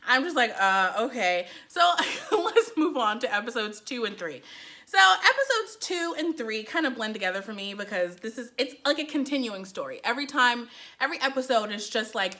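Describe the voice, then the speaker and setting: A woman's voice: a little high, animated, fairly quick, pushed and bright. A young woman, a librarian, giving a casual TV reaction, sarcastic and laughing often. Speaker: librarian reviewing TV.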